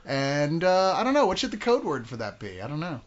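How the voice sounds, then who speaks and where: A man talking casually on a podcast, cracking crude jokes and laughing often. His pitch swings up and down freely. The audio sounds muffled and lo-fi. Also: sing-song, fairly quick, a little hiss or hum. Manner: laughing, joking, profane banter. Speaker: podcast host. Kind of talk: casual chat.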